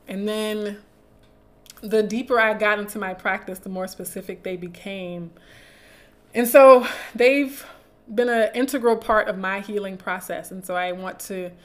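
A woman hosting a livestream who reads affirmations slowly and deliberately, with pauses, then chats warmly with her viewers and laughs easily. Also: mid-range voice. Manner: slow, deliberate, soothing reading with pauses. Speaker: livestream host reading affirmations. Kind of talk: slow reading of affirmations, then casual chat with viewers.

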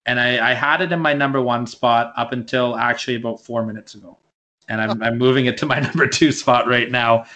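A man's voice: medium pitch, steady tone, brisk, sharp tone. Chatty man talking wrestling. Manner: rambling, repeats words when restarting. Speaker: podcast co-host. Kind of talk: casual wrestling chat.

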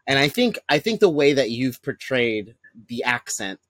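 A man's voice: medium pitch, sing-song, normal speed, fairly bright tone, dry recording. A man hosting a podcast, chatting casually and enthusiastically with slangy phrasing. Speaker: podcast host. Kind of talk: casual interview chat.

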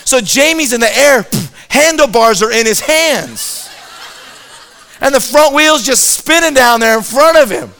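A man telling a comic story to an audience in an animated way, often repeating a word as he starts a sentence. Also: very high-pitched, unhurried.

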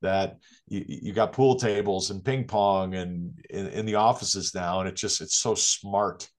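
Host: man with a lower voice, friendly and quick to agree. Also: fairly even intonation. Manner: agreeable, eager interjections. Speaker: podcast host. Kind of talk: casual podcast interview.

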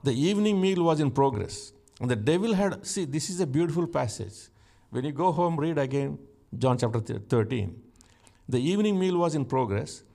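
A man preaching a sermon, teaching slowly and emphatically from scripture and rising to exclamations. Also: fairly high pitch, gravelly, darkish tone.

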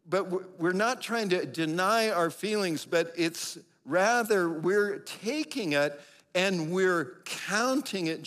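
A middle-aged man preaching a conversational sermon, lively, with animated quoted voices. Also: fairly high pitch.

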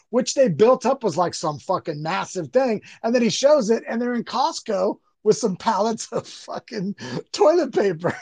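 A man's voice: high voice, animated, normal speed, darkish tone, husky, dry recording. A man co-hosting a podcast in casual chat, mocking and profane, often mimicking the people he talks about. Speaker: podcast co-host.

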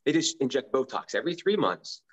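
A man's voice: mid-range voice, big pitch swings, brisk, highs cut off. Earnest man explaining medical care. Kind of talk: casual chat.

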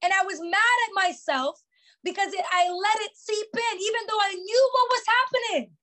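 A woman's voice: extremely high pitch, normal speed, sharp tone. A young woman hosting a podcast, giving a motivational talk in an emphatic, repetitive way with many "like" fillers. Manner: emphatic, repeats key phrases, frequent "like" fillers. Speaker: podcast host.

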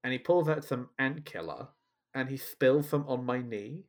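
A man's voice: medium pitch, moderate pace. A man in a casual chat, telling a childhood story with dramatic, self-mocking exaggeration.

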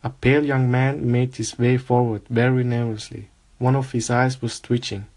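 A man reading a novel aloud in a steady, unhurried way. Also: medium pitch. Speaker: reader.

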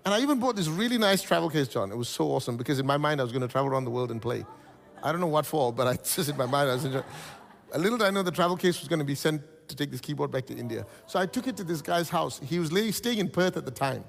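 A man's voice: fairly high pitch, racing, vocal fry, long reverb tail. A man preaching a sermon as pastor, telling stories with animation and calling on the congregation to repeat after him. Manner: animated storytelling preacher, calls out congregation responses. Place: church hall.

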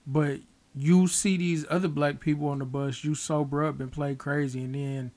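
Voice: medium pitch, steady tone, normal speed, a little mellow. An adult in a casual chat, making wry, slangy and profane remarks.

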